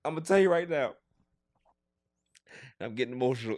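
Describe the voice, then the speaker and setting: A man hosting a casual sports podcast, joking and theatrically pleading in an animated way. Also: a little high, fairly quick, pauses often, no room sound, studio quality. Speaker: podcast host.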